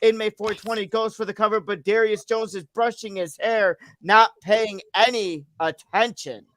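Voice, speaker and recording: A host giving excitable play-by-play commentary for a storytelling wrestling stream, shouting and swearing at the big moments. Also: mid-range voice, moderate pace, dry recording.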